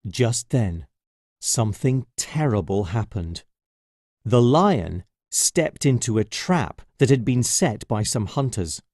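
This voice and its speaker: A man reading a children's story aloud, slowly and expressively. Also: medium pitch, no room sound, studio quality. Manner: slow and expressive.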